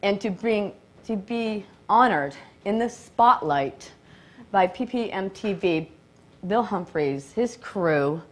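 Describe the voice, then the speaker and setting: A woman giving an excited, grateful acceptance speech at a live award event, laughing often and nervous enough that her hands shake. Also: medium pitch, takes it slowly.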